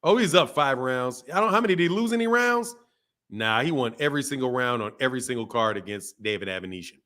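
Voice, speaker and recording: A man's voice: mid-range voice, fast talker. A man hosting a boxing channel, talking casually and with energy, repeating phrases and using slang. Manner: animated, repeats himself, laughs, slangy.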